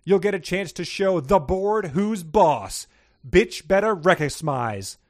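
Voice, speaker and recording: A man's voice: sits high, lively intonation, slow, pitched above the performer's own voice. A man voicing a fierce, glamorous female diva who gives a sassy, theatrical pep talk.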